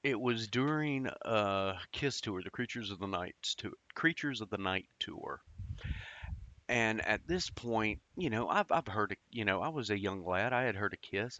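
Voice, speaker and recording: A man's voice: lowish voice, animated, a little slow, sharp tone, no room sound, dull audio. A man casually telling a personal story, rambling and profane, with lots of fillers and restarts.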